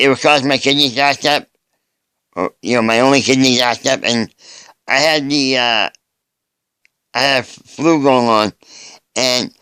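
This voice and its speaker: Speaking haltingly and frequently beginning again, an earnest man records a personal video message. The voice sits mid-range, smooth and clear with a slight brightness, captured up close in a dry space with no echo.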